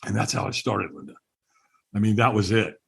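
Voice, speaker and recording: A man's voice: on the low side, steady tone, brisk, creaky, breathy edge. A middle-aged man, a podcast guest, candidly telling his personal story in conversation, earnest and chuckling now and then.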